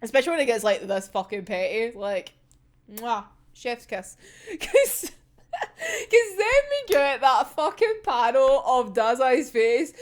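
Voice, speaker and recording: A woman's voice: on the high side, sing-song, takes it slowly. A young woman in casual, sweary reaction chat, giggling often as she talks. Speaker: manga reaction vlogger.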